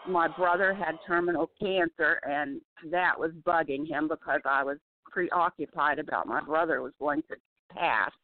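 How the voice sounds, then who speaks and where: A woman's voice: deep voice, no echo. Woman testifying over a tinny phone. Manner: halting, emotional, often restarts. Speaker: testimony guest. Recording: dry tinny phone line.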